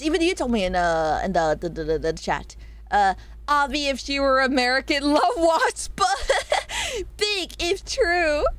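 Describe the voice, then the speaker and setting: Young woman streamer, giggly and sweary, kinda high voice, a bit hoarse, dry close mic. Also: dry recording. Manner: giggly, swears a lot, jokey asides. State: voice getting hoarse. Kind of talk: casual stream chat reading viewer messages.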